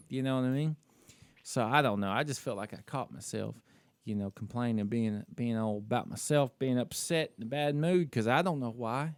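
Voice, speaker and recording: A man with an average-pitched voice talks casually on a podcast and tells a story about himself without holding back. He is self-critical and piles on "you know" and "like". The sound is close and dry, with no room echo. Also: a little fast, smooth. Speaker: podcast co-host. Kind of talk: casual chat.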